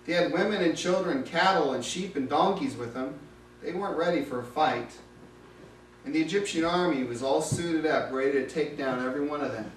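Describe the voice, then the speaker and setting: High-voiced man retelling Bible stories. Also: brisk, a little hiss or hum. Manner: conversational, vivid retelling. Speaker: lay preacher. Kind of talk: dramatic Bible storytelling. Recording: roomy, distant mic.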